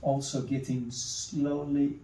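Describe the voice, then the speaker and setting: A man's voice: medium pitch, little pitch movement, slow, warm tone, a little hiss or hum. Male artist narrating a drawing demo; terse step-by-step remarks, far off in an echoey room. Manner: terse murmured step-by-step remarks while working. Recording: echoey room, distant mic.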